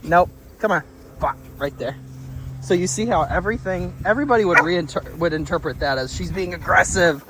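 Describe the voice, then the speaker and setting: A man working as a dog trainer. He talks outdoors in a relaxed, chatty way, explaining his methods and often praising the dog. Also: high voice, fairly quick, heavy background noise. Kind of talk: casual explanation on a training walk.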